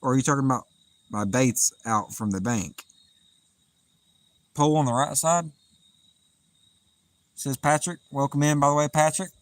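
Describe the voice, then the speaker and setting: On a nighttime outdoor fishing stream, a Southern man reads viewer comments and laughs a lot, relaxed and chatty with an easygoing drawl. He has a mid-range voice and a moderate pace broken by long pauses, and the audio is poor though free of echo.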